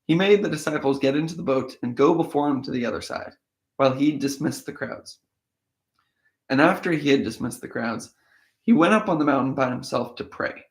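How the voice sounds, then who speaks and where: A man with a slightly hoarse voice from a cold, reading a Bible passage and thinking aloud about it in a casual, conversational way. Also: medium pitch, a little fast. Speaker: host of a daily Bible reading show. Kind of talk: casual scripture reading with commentary. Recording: echoey room.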